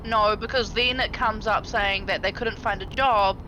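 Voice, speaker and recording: A woman's voice: medium pitch, fairly even intonation, normal speed, background noise. A woman streaming a driving game, chatting casually and bluntly with friends while cursing freely. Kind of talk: casual gaming chat.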